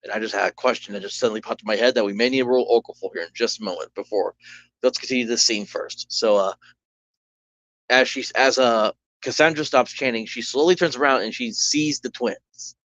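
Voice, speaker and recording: Here a man speaks briskly in a medium, slightly bright voice while running a solo tabletop game. He narrates casually and in a rambling way, often saying "like," restarting and correcting himself. The recording is dull and lo-fi.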